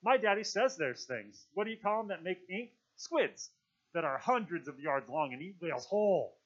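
A man voicing an excitable schoolboy who rambles and tumbles over his words, pitched higher and louder than his own reading voice. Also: normal speed. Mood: eager. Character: chatty excitable schoolboy, boy. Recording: dull lo-fi recording.

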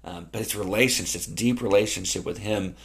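A man's voice: lowish voice, brisk. A middle-aged man preaching a sermon as a pastor, reading scripture and explaining it in an earnest, conversational way, repeating key phrases for emphasis.

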